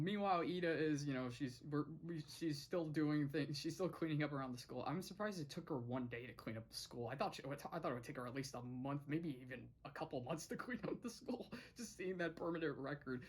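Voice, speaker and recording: A man's voice: a little high, lively intonation, a little fast. Chatty man recapping with restarts. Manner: rambling, chuckling, frequent restarts. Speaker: show reviewer. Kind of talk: casual episode recap.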